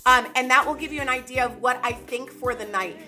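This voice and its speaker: High, bright, excitable woman streamer. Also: fairly quick, faint music behind. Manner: excitable, loud, talks to viewers by name. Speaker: crypto market streamer. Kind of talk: live chart analysis stream.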